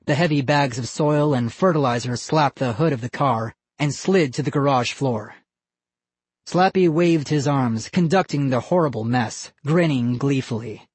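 A narrator reading a scary children's story in measured, even storytelling. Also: mid-range voice, slightly rough, no echo. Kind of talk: scripted audiobook narration.

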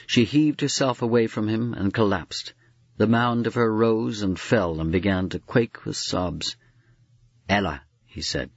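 A man with a low, husky voice narrating a story in a measured, dramatic way. The recording is dry and close with a dull, lo-fi sound. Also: no echo. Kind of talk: storybook reading.

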